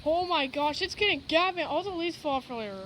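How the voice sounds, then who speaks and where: A woman whose voice sits high films a windstorm outdoors on her phone, moving from a house to a garage. Her live commentary is brisk, breathless and full of exclamations. Background noise is heavy.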